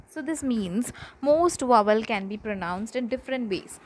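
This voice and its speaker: A woman teaches pronunciation, speaking slowly and repeating each example word with care. Her voice sits fairly high. A faint hiss runs under the recording. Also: rough recording. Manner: slow, careful, repeats example words. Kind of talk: classroom lesson on pronunciation.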